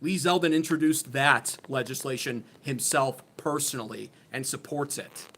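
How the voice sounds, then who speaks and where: With slight background noise behind him, a man delivers angry political commentary on a livestream via a phone on a desk mount. He's sarcastic, blunt and profane, using a sharp, mid-range voice at a moderate pace.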